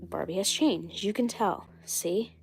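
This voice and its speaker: A woman's voice: medium pitch, measured pace, creaky, soft background music. A woman with a cold, sounding congested, chatting casually on a live stream and rambling with lots of fillers and repeats. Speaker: doll collector vlogger.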